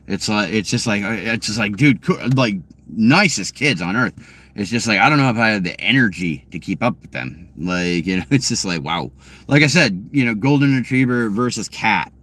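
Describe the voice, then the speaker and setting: A man's voice: on the low side, animated, normal speed, a bit bright. A man vlogging from his car, telling a casual story in a rambling, profane way full of fillers and restarts.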